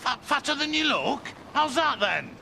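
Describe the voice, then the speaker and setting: A cocky, gravelly taunter. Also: male voice, extremely high pitch, big pitch swings, moderate pace, bright, forceful tone, slight background noise, heavily acted. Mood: taunting. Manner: mocking, laughs between jibes. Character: cocky taunting man, boastful rival boxer.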